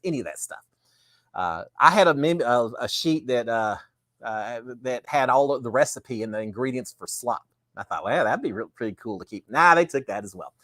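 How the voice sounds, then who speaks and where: A man's voice: mid-range voice, fairly bright tone, no room sound, clean studio sound. A middle-aged man, hosting a casual live show in a rambling, folksy way. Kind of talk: casual live-stream chat.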